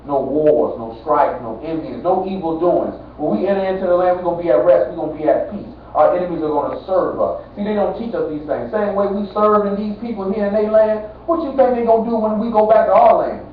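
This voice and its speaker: A man gives an informal bible teaching, quoting verses and breaking them down in a loose, conversational way. His voice sits high for a man and comes from far off the mic. The recording is tinny and thin, with a heavy echo around him. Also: a little fast, few pauses. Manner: conversational, street-talk preaching with constant "you know what I'm saying"; quotes scripture, then explains it plainly. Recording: distant, tinny, very echoey lo-fi recording with faint hiss.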